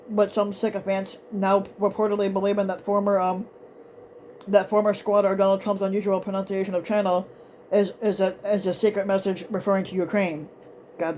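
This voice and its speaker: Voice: mid-range voice, darkish tone, slight background noise. A political commentator casually reading news aloud, stumbling over words with many ums and restarts, breaking off for profane asides.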